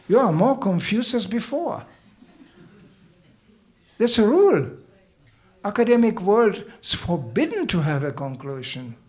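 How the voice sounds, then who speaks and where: Animated storytelling male preacher. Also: sits high. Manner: animated storytelling with acted voices; teasing, humorous asides. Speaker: spiritual teacher. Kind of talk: festival sermon.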